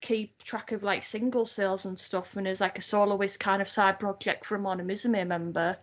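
A woman's voice: mid-range voice, normal speed. A chatty woman talks loosely and casually, her speech full of fillers. The recording is slightly dull and muffled. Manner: chatty, filler-heavy, relaxed. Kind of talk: casual chat.

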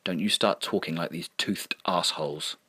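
A man's voice: deep voice, steady tone, moderate pace, bright, forceful tone, slightly rough, no echo, heavily acted. A man voicing a sardonic, drunk eighteen-year-old girl who snarls her lines.

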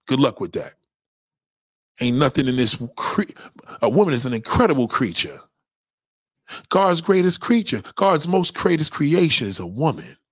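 A man's voice: no room sound, clean studio sound. A middle-aged man ranting bluntly and crudely while he answers viewer questions on a livestream. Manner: blunt, profane, animated, swings high and low in pitch. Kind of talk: crude casual rant.

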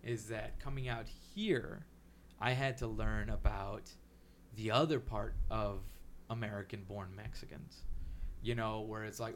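A man from Texas with a Texan accent, a comedian in a loose podcast chat. He talks with energy and swearing and drops into quick voices of other people. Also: fairly low pitch, a little hiss or hum. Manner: animated, profane, quick impressions of others.

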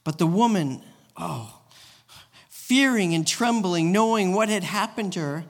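A man's voice: high-pitched, expressive, measured pace. A man, a guest pastor, preaching a sermon in a casual storytelling way, often restarting his sentences. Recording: long reverb of a church hall.

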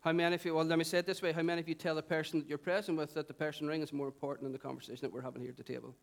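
Lively preacher, middle-aged man. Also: fairly high pitch, very fast, vocal fry. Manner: animated, conversational, asks the crowd questions. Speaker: pastor. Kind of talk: sermon.

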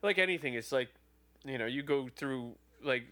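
A man from Wales chats easily on a podcast with a bright, sharp-edged voice. His pitch sits in the middle and his talk is loose and conversational. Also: moderate pace. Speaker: podcast co-host. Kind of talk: casual chat.

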